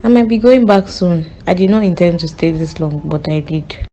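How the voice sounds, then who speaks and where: A woman's voice: fairly low pitch, moderate pace, mellow, highs cut off, natural voice. A woman voicing a comforting older mother figure in a cartoon, speaking soothingly. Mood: motherly.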